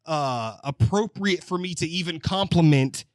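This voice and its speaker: A man co-hosting a casual podcast chat, rambling and animated, often laughing, talking as a parent. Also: on the high side, a little slow, no echo, studio quality. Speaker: podcast co-host.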